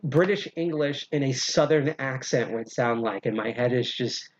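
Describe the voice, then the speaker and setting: A man's voice: medium pitch, moderate pace, muffled recording. A man hosting a casual lockpicking livestream demonstration, rambling and joking as he explains with frequent filler sounds. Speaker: lockpicking host and instructor.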